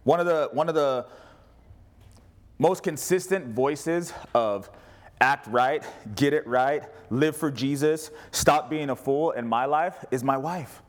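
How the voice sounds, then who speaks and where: A male pastor with a notably high voice delivers a fervent sermon. His preaching is emphatic and built on repeated rallying lines, spoken in a church sanctuary. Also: takes it slowly. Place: church sanctuary with a responding congregation.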